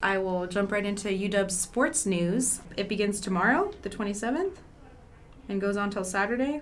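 A woman's voice: mid-range voice, lively intonation, normal speed, background noise. A young woman hosting a sports podcast, talking casually with lots of fillers. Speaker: podcast host. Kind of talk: casual chat.

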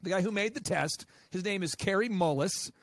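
A man with a notably high voice, fired up and talking in quick, emphatic bursts. He is a guest in an interview, recorded close and dry in a quiet studio. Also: dry recording. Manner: animated, emphatic, rapid-fire. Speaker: guest, business coach and podcast host.

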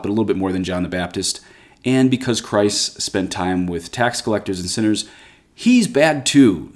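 A priest with a fairly low male voice gives an earnest, conversational talk on a scripture passage. He moves between reading old quotations aloud and explaining them plainly, the way a preacher talks to a viewer. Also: a little mellow. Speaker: Catholic priest.

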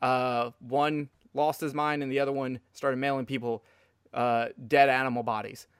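A man's voice: medium pitch, steady tone, normal speed, clean tone, no echo, clean studio sound. A man hosting a podcast interview in a casual way, swearing freely. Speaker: podcast host.

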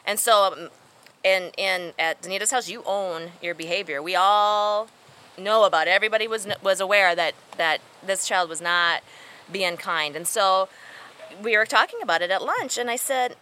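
Bright-voiced woman telling lively stories. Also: medium pitch, normal speed, smooth. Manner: lively storyteller, acts out children's lines. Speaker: podcast co-host, home child care provider. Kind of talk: casual chat.

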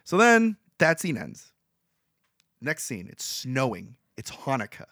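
Man rambling through an animated movie recap. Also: medium pitch, slow, dry recording, studio quality. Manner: rambling, animated storytelling with many fillers. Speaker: podcast co-host. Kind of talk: casual chat retelling a movie.

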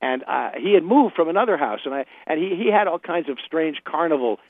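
A man's voice: a little high, lively intonation, a little fast, gravelly, no echo. An older man chatting as a radio guest, telling stories with laughs and restarts. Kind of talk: casual anecdotal interview. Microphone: phone. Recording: phone line.

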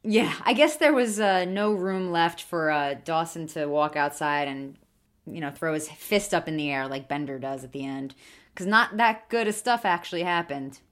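Wry, deadpan woman co-host. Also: sits low, normal speed. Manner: wry, self-mocking, deadpan asides. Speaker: podcast co-host. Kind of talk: casual chat.

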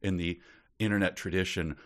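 A man's voice: low voice, fairly even intonation, fairly quick. A man co-hosting a podcast book discussion in casual chat, sarcastic and mock-indignant, laughing often. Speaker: podcast co-host.

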